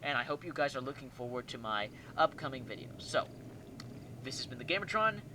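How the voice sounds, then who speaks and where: A man hosting a let's play, giving excitable, joking gameplay commentary and talking back to enemies. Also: mid-range voice, fairly quick, background noise.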